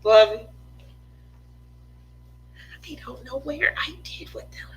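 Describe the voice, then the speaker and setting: A woman's voice: high-pitched, steady tone, normal speed, sharp tone, whispered, poor audio. A woman in her forties chatting casually and openly to her viewers as a craft vlogger, rambling with lots of "you know" and "um". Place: home craft room.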